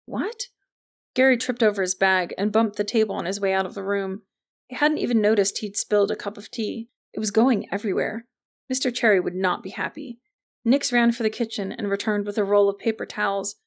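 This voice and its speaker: A woman narrating an audiobook chapter in an even storytelling manner. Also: medium pitch, fairly quick, vocal fry.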